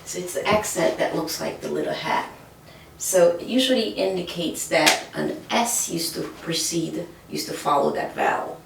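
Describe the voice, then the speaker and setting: A woman's voice: on the low side, moderate pace, creaky, noisy background. A woman teaching French pronunciation, explaining patiently and often checking in with "okay?". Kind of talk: whiteboard language lesson. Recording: echoey room from far off.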